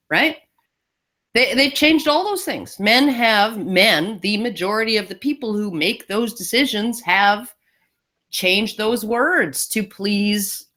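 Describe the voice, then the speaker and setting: Woman co-host, mid-pitched, emphatic and argumentative, casual chat. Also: sharp tone. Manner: emphatic, lists examples. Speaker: podcast co-host.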